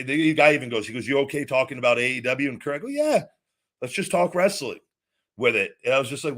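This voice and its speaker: A man's voice: on the low side, a bit bright. Profane, rambling man ranting casually. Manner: profane, rambling, repeats himself; retells conversations in quoted dialogue. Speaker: show host.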